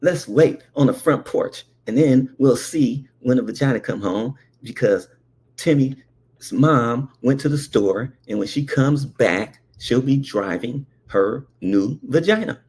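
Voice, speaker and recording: A man doing a know-it-all little brother, low. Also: lively intonation, unhurried, a little mellow, slightly rough. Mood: matter-of-fact. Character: young boy, know-it-all older brother.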